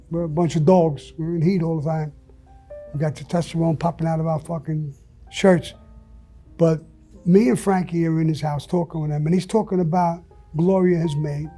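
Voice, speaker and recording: A man being interviewed, telling a story bluntly and profanely in a casual, animated way. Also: a little high. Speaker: interview guest.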